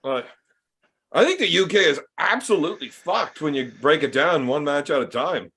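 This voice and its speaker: A man's voice: a little high, expressive, normal speed, fairly bright tone, husky. Blunt swearing podcast host man. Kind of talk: casual podcast chat.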